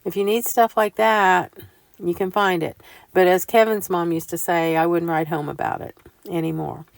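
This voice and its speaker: An older woman telling homey stories in a chatty, casual voiceover, growing animated as she recounts things. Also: lowish voice, moderate pace, creaky, no room sound. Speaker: vlogger. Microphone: close mic voiceover.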